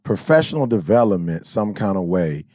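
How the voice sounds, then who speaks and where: A man chats affirmingly on a podcast. His voice is husky and lively, moving a lot in pitch. The recording is dry and close. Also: normal speed, no echo. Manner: affirming, lots of agreeing fillers. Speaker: podcast co-host. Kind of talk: casual chat.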